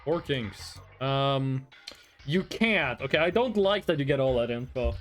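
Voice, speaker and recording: A casual live-stream talker reacting to chat, blunt and quick to swear. The voice sits in a middle register but swings up and down a lot. Soft music plays faintly behind. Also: medium pitch. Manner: animated, blunt, swears and laughs often.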